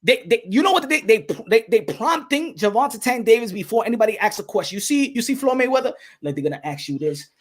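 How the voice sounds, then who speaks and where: Animated man giving opinionated commentary. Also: very high-pitched, fast, few pauses. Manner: repetitive, animated, restarts phrases. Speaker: boxing commentator.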